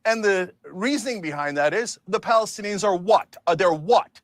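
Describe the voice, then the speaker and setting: Man, heated debate guest, high voice, very lively pitch, dry close sound. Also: moderate pace, dry recording. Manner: heated, rhetorical, emphatic. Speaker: debate guest in a TV interview clip. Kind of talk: impassioned political argument.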